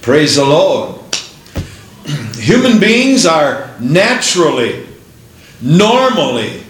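A man preaching a Pentecostal sermon who builds to excited exclamations and breaks into laughter. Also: a little high, takes it slowly, reverberant, a little hiss or hum.

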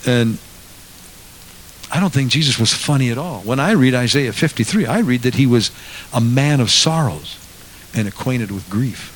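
Guy preaching a sermon, gets loud and fired up then drops quiet, slight hiss on the recording. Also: medium pitch, expressive, moderate pace, long pauses. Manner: swings from quiet asides to loud impassioned preaching. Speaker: pastor.

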